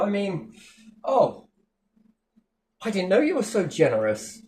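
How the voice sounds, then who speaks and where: A man's voice: sits high, huge pitch swings, slow pace, pauses often, dark tone. A man delivering a mocking, sweary monologue with big sarcastic swings in tone.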